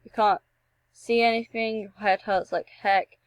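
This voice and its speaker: A young woman reads a text adventure aloud at a middle pitch, breaking off into joking, animated asides. Her voice sits close and dry, with no room sound around it. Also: a little slow, no room sound, muffled recording. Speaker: gameplay streamer. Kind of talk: reading a text game aloud with commentary.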